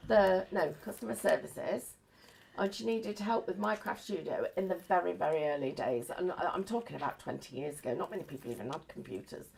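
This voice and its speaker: A woman's voice: on the low side, lively intonation, a little fast, vocal fry, a little mellow, slight background noise. A woman hosting a live craft show, chatting in a rambling, giggly way. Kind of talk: live crafting demonstration chat.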